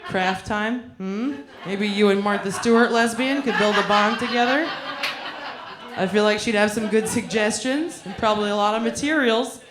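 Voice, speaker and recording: A woman's voice: mid-range voice, moderate pace, noisy background. A woman doing live stand-up, crude and teasing as she banters with the front row. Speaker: stand-up comedian. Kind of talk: live stand-up with crowd work. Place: comedy club stage. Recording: echoey club room.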